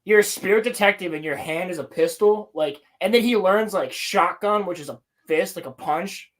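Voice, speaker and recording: A young man co-hosting a casual podcast, talking about anime in an excited, rambling, slang-heavy way. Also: high voice, moderate pace. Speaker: podcast co-host. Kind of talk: casual chat.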